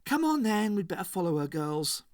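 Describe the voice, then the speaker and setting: Sweet-voiced sarcastic party girl, high and bright, a male narrator putting her on, dry read. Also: sing-song, normal speed, dry recording. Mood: bossy.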